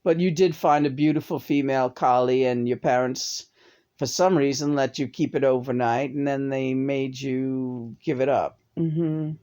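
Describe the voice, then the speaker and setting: A man co-hosting a casual couple's chat show, speaking softly, affectionately and earnestly. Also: mid-range voice, fairly even intonation, normal speed, smooth.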